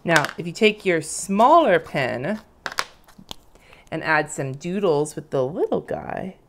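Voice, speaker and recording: A woman in her thirties teaches lettering on a live stream, chatting and rambling as she draws and explains. Her voice sits low and is sing-song, she takes things slowly, and there's a little hiss or hum.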